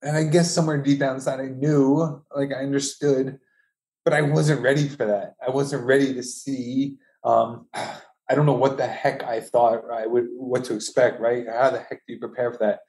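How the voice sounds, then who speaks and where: Grieving man, halting and tearful. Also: medium pitch, level tone, darkish tone, echoey room. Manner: halting, with many restarts and trailing phrases. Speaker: bereaved father telling his story. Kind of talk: emotional personal testimony.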